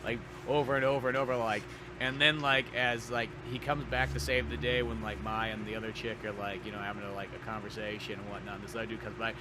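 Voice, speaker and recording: A man's voice: on the low side, level tone, quick pace, background noise. A man co-hosting a podcast, chatting casually and animatedly, swearing and acting out scenes in goofy voices. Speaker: podcast co-host. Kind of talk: casual chat.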